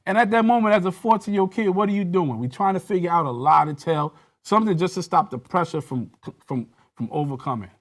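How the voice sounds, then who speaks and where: A man's voice: sits high, fast talker, few pauses. A man telling a personal story in a panel discussion, acting out the dialogue with rising intensity. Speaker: guest recounting a police interrogation.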